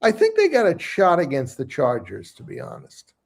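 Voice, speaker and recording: An older man co-hosting a casual sports talk, measured and halting as he weighs his points. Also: on the high side, huge pitch swings, gravelly. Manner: measured, hesitant, restarts phrases. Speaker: sports analyst co-host.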